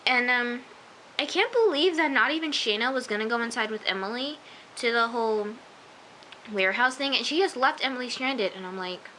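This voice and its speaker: A woman's voice: high-pitched, lively intonation, fairly quick, pushed and bright, a little hiss or hum, poor audio. Chatty young woman recapping a show. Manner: chatty, gushing, full of "like" and "oh my gosh", drops into whispers. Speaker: show reviewer. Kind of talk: casual episode recap.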